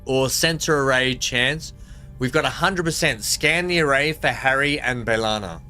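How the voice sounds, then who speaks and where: A man's voice: mid-range voice, normal speed, bright, forceful tone, soft background music. An Australian man streaming a game live, chatting with viewers and reading the on-screen text aloud. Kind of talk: casual live gameplay commentary.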